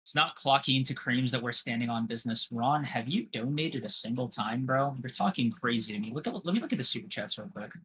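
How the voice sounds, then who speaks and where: Brash, bright-voiced young man. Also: medium pitch, brisk, few pauses, a little hiss or hum. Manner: brash, profane trash talk. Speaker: podcast co-host. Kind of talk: casual livestream chat.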